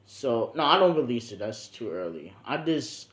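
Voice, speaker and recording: A man's voice: mid-range voice, sing-song, moderate pace, a bit bright. A young man casually telling a made-up adventure story, rambling and slangy with many ums. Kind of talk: casual fan-fiction storytelling. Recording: roomy echo.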